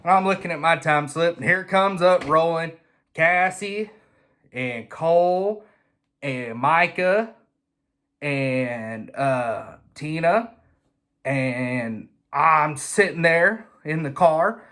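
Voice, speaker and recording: A man telling a casual, swear-filled story in an animated way. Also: on the high side, slow. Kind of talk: casual anecdote.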